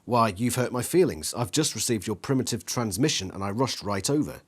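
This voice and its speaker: A taunting, cruel male alien with a scorpion-like tail speaks in a low, smooth, mocking voice, as a man reading a gamebook aloud puts him on. His menace is calm and playful rather than loud, and he sounds amused by the threat he makes. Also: brisk.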